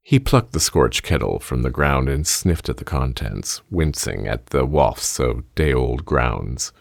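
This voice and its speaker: A man narrating a fiction story in a measured, steady reading. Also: rumbling low, vocal fry, dry recording, studio quality.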